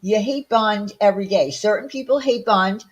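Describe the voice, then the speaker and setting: A middle-aged woman from Long Island talks, blunt and indignant as she hosts a casual livestream rant. She fires off rhetorical questions at a medium pitch in a loose, conversational delivery. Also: normal speed, breathy edge, highs cut off. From Long Island, New York. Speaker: livestream host.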